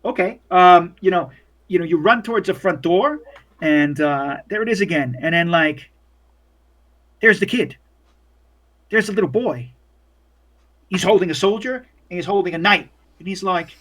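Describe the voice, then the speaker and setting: Young man, game master, bright voice, casual profane narration, horror tabletop game. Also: sits high, lively intonation, moderate pace, pauses often. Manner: loose, profane, filler-heavy narration.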